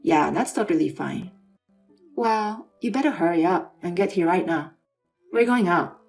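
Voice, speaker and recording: A woman's voice: lowish voice, expressive, unhurried, gravelly, a little mellow, faint music behind. A woman voicing a pushy grown son who defers to his mother and dismisses his wife. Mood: demanding. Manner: demanding, dismissive.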